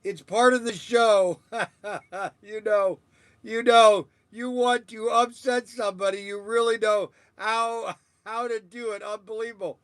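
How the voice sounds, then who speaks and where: A man hosting a toy shop stream, rambling in casual chat with halting restarts and chuckles. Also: extremely high pitch, a bit bright, no room sound.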